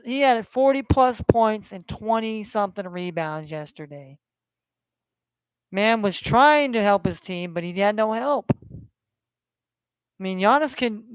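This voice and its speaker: A man's voice: high-pitched, clear, resonant tone, no echo. A man from California hosting a casual sports betting stream, rambling and swearing as he repeats himself. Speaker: sports betting podcast host.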